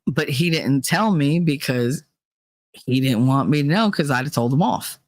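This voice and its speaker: A woman's voice: rumbling low, normal speed, no echo. Blunt, foul-mouthed middle-aged woman. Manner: candid, profane storytelling, acting out quoted people. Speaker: livestream host. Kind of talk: casual chat.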